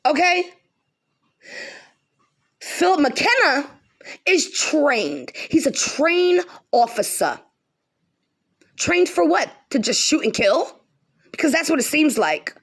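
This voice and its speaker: Fired-up woman ranting, high lively voice. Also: slow pace, pauses often. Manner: heated, profane, emphatic, repeats lines for stress. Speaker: vlogger. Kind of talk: angry direct-to-camera rant.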